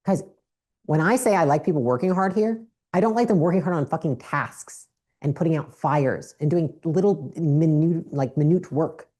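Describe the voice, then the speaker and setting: A woman's voice: deep voice, moderate pace, dark tone. A woman giving a blunt, profane motivational business talk on stage with a handheld mic. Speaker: business speaker.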